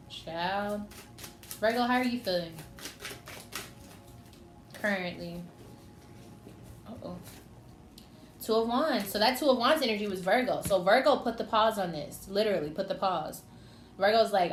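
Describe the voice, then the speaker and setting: A chatty woman reads tarot cards in a casual, teasing way and talks straight to the signs she reads for. Her voice sits in a middle range and carries a clear room echo with a faint hiss behind it. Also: mid-range voice, a little slow, long pauses. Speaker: tarot reader. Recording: echoey room with faint noise.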